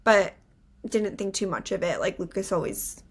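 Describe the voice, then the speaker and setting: A woman's voice: medium pitch, moderate pace, breathy edge. A young adult woman co-hosting a podcast, telling a story in casual chat, acting out quotes and saying "like" often. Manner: animated storyteller, acts out quotes, many "like" fillers. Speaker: podcast co-host.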